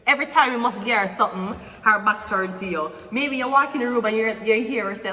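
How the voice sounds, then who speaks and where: A woman's voice: mid-range voice, fast, hardly any pauses, bright, forceful tone. A woman giving a casual tarot reading in a playful, teasing and rambling way, with frequent swearing. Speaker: tarot reader. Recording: echoey room with long reverb.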